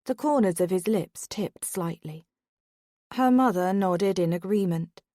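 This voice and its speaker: A woman narrating a romance audiobook in a steady, unhurried reading voice on a close studio mic. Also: medium pitch, no room sound.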